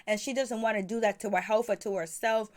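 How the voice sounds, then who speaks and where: A woman's voice: mid-range voice, fairly even intonation, fairly quick, darkish tone. Woman, host of a casual recap show; chatty and opinionated, mid-range voice.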